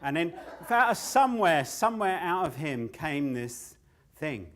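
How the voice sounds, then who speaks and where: A stand-up comedian telling a long rambling story at a live show, swearing freely and often laughing at himself. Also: male voice, fairly high pitch, big pitch swings, unhurried, fairly bright tone.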